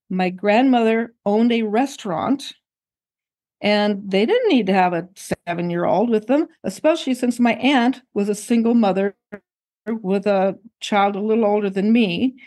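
Older woman, slightly high voice, interview guest, reflective, unhurried recollection. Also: a little mellow.

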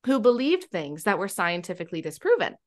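A middle-aged woman hosting a podcast, telling a story from her past in a lively, casual way. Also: mid-range voice, fairly quick. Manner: animated, storytelling. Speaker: podcast host.

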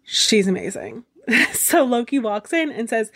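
A woman's voice: a little high, animated, slow pace. A woman telling an old myth for laughs, in an irreverent, profane manner full of wry asides. She sounds like the regular host of her own show. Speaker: storyteller host. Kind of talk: comedic mythology storytelling.

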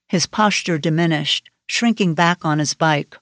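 A woman narrating a crime thriller audiobook in an even, steady storytelling manner. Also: low voice, slow pace, no echo. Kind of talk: scripted narration.

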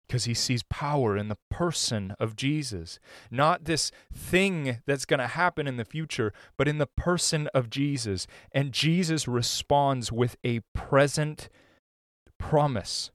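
A man preaching a sermon, earnest and searching, restarting phrases and going hushed as he quotes scripture. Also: medium pitch, measured pace, no room sound, studio quality. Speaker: pastor.

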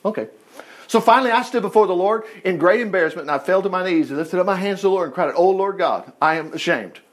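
A man preaching a conversational sermon, reading scripture aloud with lively, digressive asides and quips. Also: sits high, quick pace.

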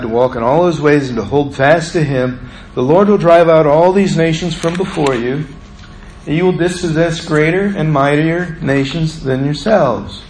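A man preaching a sermon as pastor, swinging between emphatic raised lines and hushed low drops. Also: a little hiss or hum, poor audio.

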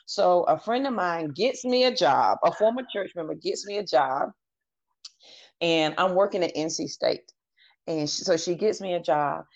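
A woman whose voice sits on the low side speaks at a moderate pace as a podcast guest. She earnestly and candidly narrates her personal story, playing out others' words in her own voice. The sound is dull and lo-fi.

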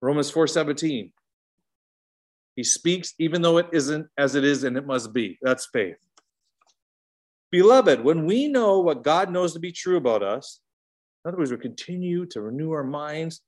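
A middle-aged man teaching an informal Bible study, swinging between emphatic high bursts and soft low asides.

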